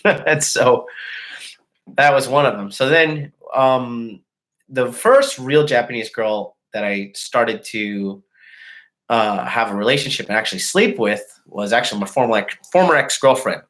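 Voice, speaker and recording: Brief: man in his thirties, mid pitch, a livestream host with a casual, crude and boastful way of telling stories. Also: measured pace, a bit bright. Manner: crude, boastful, profane and laughing. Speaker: dating coach host.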